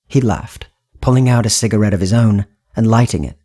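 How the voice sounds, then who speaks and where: A man reading a horror audiobook as narrator, in steady, even storytelling. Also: lowish voice, a little fast. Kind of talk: scripted narration.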